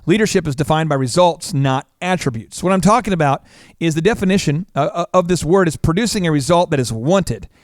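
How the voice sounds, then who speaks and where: A man hosting a business talk show as a coach, energetic and animated, telling stories. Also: fairly high pitch, brisk, no room sound, clean studio sound. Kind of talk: casual chat.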